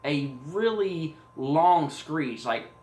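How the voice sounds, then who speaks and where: A man tells a horror story idea in a loose, rambling way, full of fillers and side remarks. His voice sits fairly high. The room around him rings with echo. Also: animated, extremely slow, a little mellow, a little hiss or hum. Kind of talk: casual spoken story retelling.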